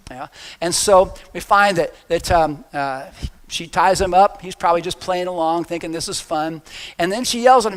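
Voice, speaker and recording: A man's voice: high-pitched, moderate pace. A male pastor preaching a sermon, retelling a story in a casual, joking way.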